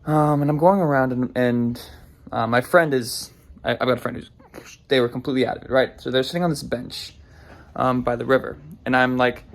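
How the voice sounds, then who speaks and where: A man's voice: mid-range voice, fairly even intonation, a little fast. A man telling a story casually, rambling with frequent restarts and self-deprecating humor. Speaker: vlogger.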